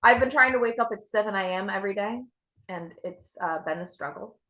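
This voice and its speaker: Bright-voiced young woman comic, self-deprecating. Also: mid-range voice, brisk. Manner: self-deprecating, deadpan delivery. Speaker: stand-up comedian. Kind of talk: stand-up set.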